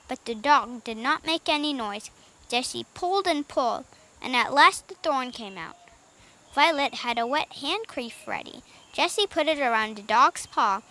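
A woman reading a children's book aloud in an expressive, lively way, with small slips now and then. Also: sits high. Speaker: audiobook reader.

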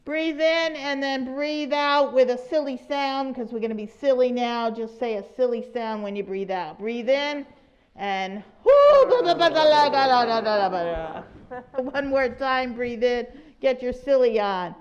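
A woman's voice: sits high, a little slow, highs cut off. A woman leading a group through laughter exercises, cheerful and laughing often. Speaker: laughter yoga leader. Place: room with a group in a circle.

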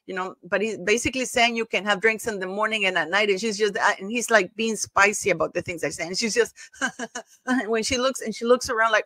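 A woman's voice: medium pitch, a little fast, sharp tone, no room sound. A woman hosting a commentary channel, talking casually and emphatically over footage, gossipy and prone to repeating herself.

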